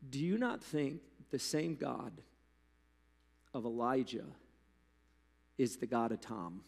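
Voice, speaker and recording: A man preaching a sermon as pastor, talking to the congregation in a loose, animated way with asides. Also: mid-range voice, slow, vocal fry. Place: church hall. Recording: long hall reverb.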